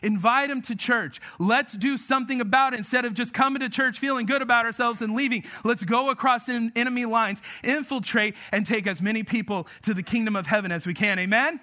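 A man in his thirties, a pastor telling a family story in an animated sermon and then urging his congregation to act. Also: very high-pitched, brisk, hardly any pauses. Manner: animated storytelling, acts out his own shouting.

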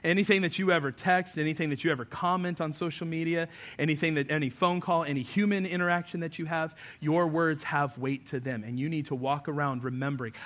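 A pastor preaches a sermon to his congregation, earnest and conversational, often poking fun at himself as he makes his points. His high, bright voice is sharp and ringing, pitched above most men.

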